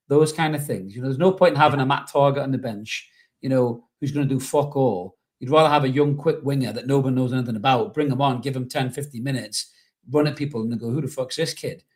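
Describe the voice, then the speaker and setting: A man's voice: mid-range voice, brisk. A man hosting a casual fan podcast, rambling and reading out viewer messages, with lots of "you know". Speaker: podcast host.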